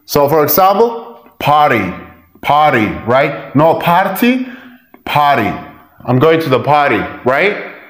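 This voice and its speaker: Man teaching pronunciation, slightly high voice. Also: animated, fairly bright tone, echoey room. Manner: repeats example words slowly, switches between languages. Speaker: English teacher. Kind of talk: pronunciation lesson.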